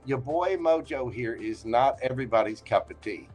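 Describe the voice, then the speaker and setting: A man's voice: mid-range voice, expressive, moderate pace, a little mellow, faint music behind. A man with a Southern accent hosting a livestream tarot reading, talking in a folksy, joking and reassuring way. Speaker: tarot reader and livestream host.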